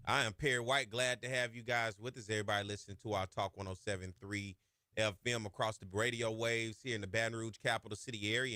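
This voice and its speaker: A man hosting a sports talk radio show, chatting casually in folksy slang and getting loud and high when he hypes a point. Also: no room sound, studio quality. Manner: folksy Southern slang, chatty asides to his producer. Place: radio studio. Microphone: studio microphone.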